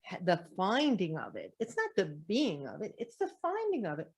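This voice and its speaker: Woman, middle-aged, spiritual teacher, earnest, rhetorical questions, medium pitch. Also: huge pitch swings, moderate pace, slightly rough. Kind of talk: motivational spiritual talk to camera.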